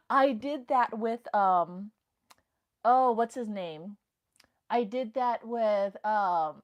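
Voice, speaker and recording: A woman's voice: mid-range voice, very slow, darkish tone. A woman hosting a casual livestream, nervous and giggly, who whispers to herself between remarks. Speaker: livestream host. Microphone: phone mic.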